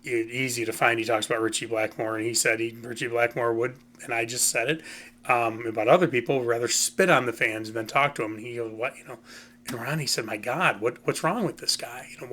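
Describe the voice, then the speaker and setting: A man of middle pitch rambles through a casual music commentary. His bright, forward voice stays opinionated and animated, and he leans on "you know" and "um" as he talks. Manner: says "you know" and "um" often. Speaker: host.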